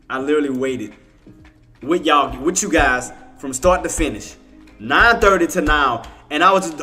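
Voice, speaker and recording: A man's voice: fairly high pitch, a little slow, sharp tone, faint music behind. A man streaming live trading commentary, talking in casual slang and often venting in frustration, repeating himself and cursing under his breath. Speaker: day trading livestream host.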